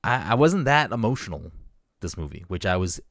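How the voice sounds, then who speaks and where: A man's voice: deep voice, big pitch swings, fairly quick, dry recording, studio quality. A man, co-hosting a podcast in casual, emphatic, swear-heavy chat. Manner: swears freely, emphatic and opinionated. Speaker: podcast co-host.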